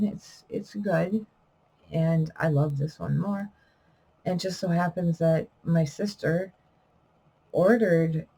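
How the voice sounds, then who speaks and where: A woman's voice: deep voice, mellow, low-quality recording. A middle-aged woman talking casually to camera in an unedited vlog, rambling and correcting herself, a little wheezy. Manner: rambling, trailing off with fillers and self-corrections. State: wheezing, coughing. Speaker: vlogger and self-published poet.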